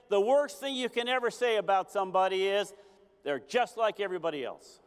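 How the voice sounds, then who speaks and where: A man with a very high, smooth, resonant voice delivers a fervent motivational stage speech. He preaches at his audience and keeps hammering home rhetorical questions. Long reverb from a large convention hall trails after his words. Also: fairly bright tone. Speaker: motivational speaker at a company convention.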